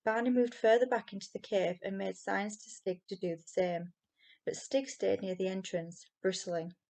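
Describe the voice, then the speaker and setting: A woman reading a children's novel aloud with expressive storytelling. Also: mid-range voice, normal speed, creaky. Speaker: reader.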